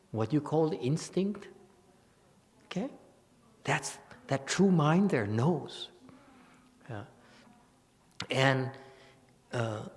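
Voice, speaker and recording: Slow, halting man in a reverberant hall. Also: medium pitch. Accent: Vietnamese-accented English. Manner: halting, repeats words, keeps asking "okay?". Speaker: Buddhist teacher giving a Dharma lecture. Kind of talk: meditation retreat lecture. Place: temple hall.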